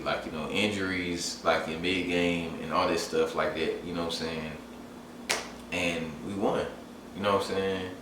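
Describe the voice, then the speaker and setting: Deep-voiced young man, far off in an echoey room. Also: background noise. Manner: rambling, animated, heavy on fillers. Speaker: sports fan vlogger. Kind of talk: casual storytime and game recap.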